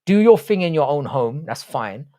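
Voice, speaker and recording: His voice is fairly high and warm, very animated, at a normal speed. He's a man with Irish roots, raised in southwest London, reading livestream chat questions out loud and answering them in a blunt, heavily profane, casual way.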